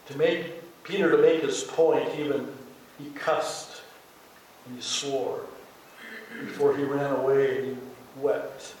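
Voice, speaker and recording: A man's voice: medium pitch, darkish tone, a little hiss or hum. An older man with a Midwestern American accent, preaching a sermon as a pastor in a conversational storytelling way, acting out the lines he quotes. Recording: very echoey hall, voice from far off.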